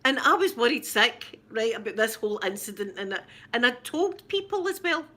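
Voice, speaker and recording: Bright-voiced Scottish woman telling stories. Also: fairly high pitch, brisk. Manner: animated storytelling with laughs and repeats. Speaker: vlogger, mother. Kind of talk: casual chat to camera.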